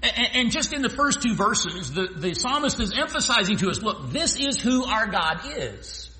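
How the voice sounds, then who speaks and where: Man, pastor, bright sharp tone, earnest expository sermon, echoey church with long reverb. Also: high voice, very animated, normal speed. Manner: earnest expository preaching with frequent "uh" restarts.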